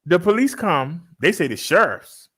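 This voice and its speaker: A man telling a story to his followers in a casual, joking way, laughing often and switching into high mimicking voices. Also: big pitch swings, a little slow, a bit bright, breathy edge. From Baltimore, US. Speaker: fitness vlogger telling a story.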